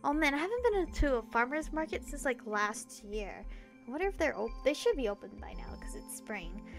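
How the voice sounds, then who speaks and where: A woman's voice: sits high, sing-song, moderate pace, soft background music. Young woman reading a visual novel aloud. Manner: chatty, self-deprecating asides. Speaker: game streamer.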